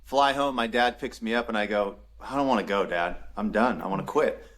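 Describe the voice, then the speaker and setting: Animated man telling a story. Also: lowish voice, brisk. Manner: animated storyteller, acts out quoted dialogue, laughs often. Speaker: podcast guest, former football player. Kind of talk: casual storytelling interview.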